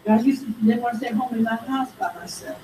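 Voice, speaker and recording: A woman leading a Bible study, animated and calling for amens as she reads scripture. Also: fairly high pitch, fairly quick, a little hiss or hum. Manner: animated, calls for amen, reads scripture aloud. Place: church room. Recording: roomy, distant mic, faint background.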